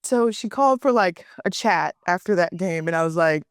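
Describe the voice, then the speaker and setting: A woman's voice: on the low side, moderate pace, hardly any pauses, smooth, dry recording. Laughing woman telling stories, dry sound. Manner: laughs often, animated storytelling. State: pregnant. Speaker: guest, softball pitcher. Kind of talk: casual podcast interview.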